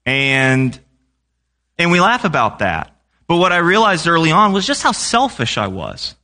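A man's voice: fairly high pitch, very animated, a little slow, bright, forceful tone. A young man preaching a sermon in a conversational way, often asking the congregation questions.

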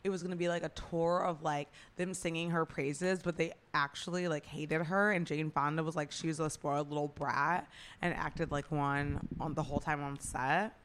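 Low-voiced chatty woman gossiping. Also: fairly even intonation, normal speed, a bit bright, slight background noise. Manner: chatty, heavy use of "like", opinionated. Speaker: podcast co-host. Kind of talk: casual celebrity gossip chat.

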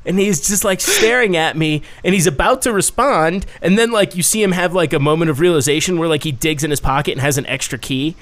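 A man's voice: a little high, a little fast, few pauses. A man casually telling stories about lockpicking and being arrested, swearing often and laughing along. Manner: profane, animated anecdotes with laughter. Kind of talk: casual storytelling chat.

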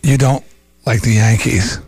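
A male radio host in his forties interviewing a guest, joking and cutting in quickly. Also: mid-range voice, a little mellow, breathy edge, soft background music. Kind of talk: radio talk show interview.

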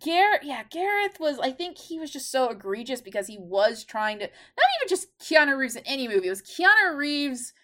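A woman's voice: sits high, very animated, moderate pace, hardly any pauses, sharp tone. A woman co-hosting a podcast in casual chat, talking loosely with lots of "like" fillers. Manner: chatty, heavy use of "like" fillers. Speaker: podcast co-host.

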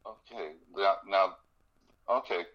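A man's voice: deep voice, slow. A man, a guest singer, chatting casually in a radio interview and cracking puns. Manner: joking, punning, self-deprecating. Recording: dull lo-fi sound.

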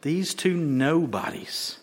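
Male preacher, high bright voice, unhurried dramatic delivery, shouts and whispers. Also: expressive, husky. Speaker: pastor. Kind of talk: sermon.

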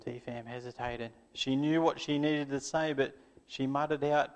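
A man telling a Bible story to children and closing in prayer, gentle and earnest. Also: medium pitch, fairly even intonation, normal speed, clean tone.

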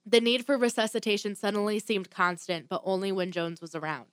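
A woman's voice: mid-range voice, little pitch movement, a little fast, clear, resonant tone, no room sound. A woman hosting a casual chat and telling a true crime story from notes, with blunt asides and the odd swear word.

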